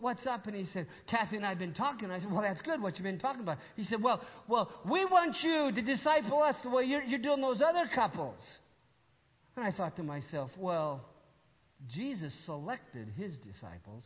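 An older man preaches to a congregation, telling his story with animated back-and-forth dialogue and playful asides. His voice sits fairly high for a man. The sound is muffled and rings with a long church reverb. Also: brisk. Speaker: pastor. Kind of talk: storytelling sermon. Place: church hall with audience.

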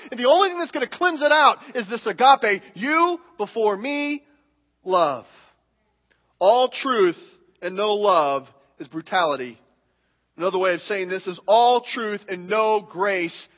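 A male pastor preaching a sermon in a church, animated and acting out the voices of the people he quotes. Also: high-pitched. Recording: muffled hall with long reverb.

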